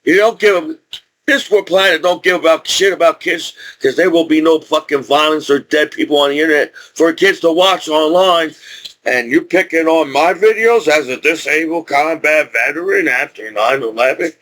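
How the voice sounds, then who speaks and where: Man, speech impediment, somewhat high-pitched, angry profane rant, halting restarts. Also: fairly bright tone, low-quality recording. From United States. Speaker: vlogger, disabled combat veteran. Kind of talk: unscripted rant to camera.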